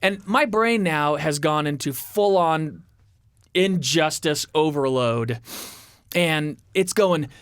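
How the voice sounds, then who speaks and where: A man hosting a casual radio talk show, telling stories with lively acted-out voices. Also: a little high, takes it slowly, clear, resonant tone, no room sound, studio quality. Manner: animated storyteller, acts out every voice in his tale. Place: radio studio.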